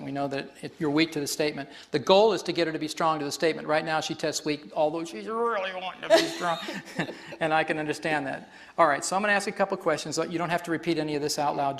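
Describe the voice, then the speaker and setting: A man's voice: fairly high pitch, fast talker, gravelly, a bit bright. A man facilitating a live workshop demonstration on stage before an audience, explaining in a chatty way and laughing often.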